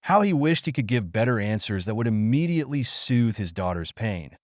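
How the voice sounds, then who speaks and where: A man narrates a melodramatic audio story in a scripted, dramatic manner. His pitch moves in a lively way. The recording is dry and close. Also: a little fast, dry recording.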